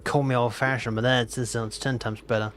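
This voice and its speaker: A man's voice: medium pitch, little pitch movement, brisk, a bit bright, faint music behind. A nineteen-year-old man, chatting casually and playfully on a live gaming stream, teasing his chat and repeating phrases in mock outrage. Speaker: VTuber streamer.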